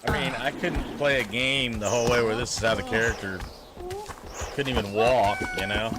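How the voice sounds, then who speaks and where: A man's voice: medium pitch, fairly even intonation, moderate pace, heavy background noise. An older man hosting a game review channel, reacting in a blunt, grumbling, plainspoken way. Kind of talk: casual reaction commentary.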